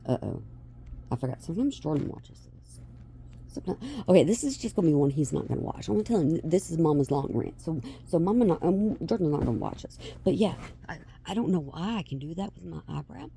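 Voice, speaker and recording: A woman's voice: sits low, fast, creaky, a little hiss or hum. A mother vlogging to her viewers in a rambling, chatty way, often losing her track and starting again. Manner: animated, chatty, trails off and restarts. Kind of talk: rambling casual chat to camera.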